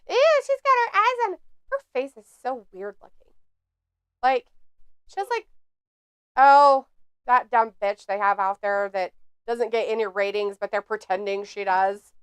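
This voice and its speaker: A woman with a high, clear voice hosts a casual live watch-along, reading chat aloud with snark and sarcasm. The sound is close and dry. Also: expressive, slow, pauses often, no room sound.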